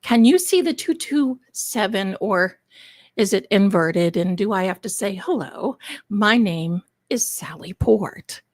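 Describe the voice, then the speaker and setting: A woman hosts her own live stream in an unhurried, chatty way, full of asides and pet names for her viewers. Her voice is a little congested from allergies. The sound is dry and close, with no room around it. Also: medium pitch, expressive, no room sound. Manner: chatty, theatrical, addresses viewers as darlings. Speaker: livestream host. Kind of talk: casual livestream chat.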